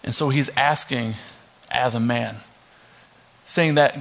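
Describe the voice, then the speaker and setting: A man's voice: mid-range voice, slow pace, creaky, pauses often. A young man preaching a casual sermon, reading scripture and slipping in joking asides. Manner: relaxed, joking asides, many fillers. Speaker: pastor. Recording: dull lo-fi recording.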